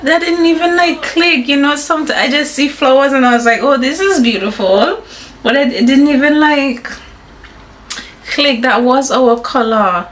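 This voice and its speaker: A woman in her thirties with a Caribbean English accent, chatting casually to her viewers and her husband at home, giggly and warm. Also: sits high, normal speed, a little hiss or hum. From Caribbean, grew up in Anguilla. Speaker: vlogger. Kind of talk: casual home vlog chat. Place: home, indoors.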